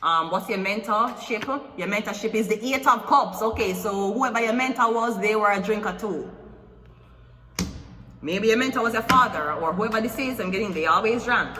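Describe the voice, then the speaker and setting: Blunt, bright-voiced woman reading tarot. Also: mid-range voice, moderate pace, slight background noise. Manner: blunt, teasing, talks straight to the viewer. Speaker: tarot reader. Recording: echoey room with long reverb, faint music.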